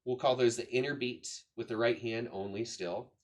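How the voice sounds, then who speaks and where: A man gives a relaxed drum lesson, counting beats out loud as he plays. His voice sits at an ordinary middle pitch. There is steady background noise with stick clicks behind him. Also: normal speed. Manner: patient, counts beats aloud while demonstrating. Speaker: drum teacher. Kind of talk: casual instructional explanation. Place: room with a drum kit.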